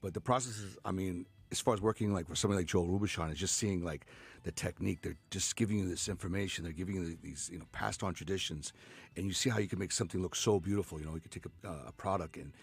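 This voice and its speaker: A man's voice: low-pitched, quick pace, gravelly, husky. A man in his fifties, a chef guest in a radio studio, chatting casually with many fillers and restarts. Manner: rambling, lots of fillers and restarts.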